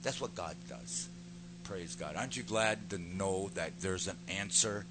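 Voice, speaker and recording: A man's voice: sits low, measured pace. A man preaching a sermon, telling Bible stories and acting out their voices with rising fervor. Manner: animated storytelling, acting out voices. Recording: noisy recording with hum.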